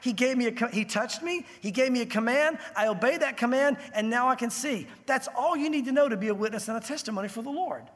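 Man, pastor, very high voice, sermon, lively storytelling, long echoing church reverb. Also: fast talker, hardly any pauses. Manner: animated storytelling, acts out crowd voices.

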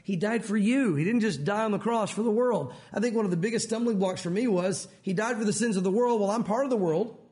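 Fast-talking Tennessee pastor, high voice. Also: male voice, a little mellow. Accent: Tennessee Southern US. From Tennessee, US South. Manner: fast-talking, conversational preaching with frequent restarts. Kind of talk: sermon.

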